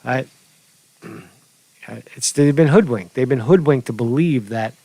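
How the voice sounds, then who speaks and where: A man's voice: mid-range voice, slow pace, warm tone, no echo. A man hosting an informal commentary stream, rambling with many restarts and fillers. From New York. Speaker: news commentary host. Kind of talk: casual livestream commentary. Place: home studio.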